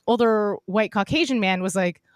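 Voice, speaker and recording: A woman's voice: mid-range voice, moderate pace, clean tone, dry recording, studio quality. A woman hosting a podcast, telling stories in casual chat and acting out the voices of people she quotes. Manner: storytelling, acts out quoted voices. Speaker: podcast host.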